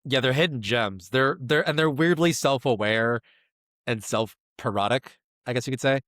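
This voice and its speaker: A man's voice: medium pitch, moderate pace, a bit bright, no room sound, clean studio sound. A man co-hosting a podcast, chatting in an easygoing, wry way. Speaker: podcast co-host. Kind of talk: casual chat.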